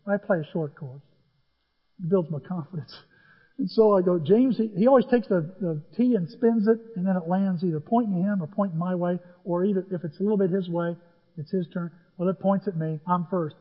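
A man's voice: high-pitched, normal speed, slightly rough. Man, pastor, sermon storytelling, long hall reverb, dull sound. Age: middle-aged. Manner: animated, folksy storytelling with acted-out dialogue. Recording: muffled, echoey church hall.

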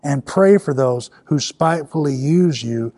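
A man's voice: a little high, expressive, a little slow, warm tone, breathy edge, no echo, clean studio sound. A man preaching a sermon in a conversational way, building to emphatic peaks. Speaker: pastor.

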